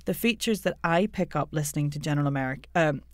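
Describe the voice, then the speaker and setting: A woman who works as a coach, explaining things in a clear, teacherly way as a podcast guest. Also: low voice, quick pace, dry recording. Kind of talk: casual interview chat.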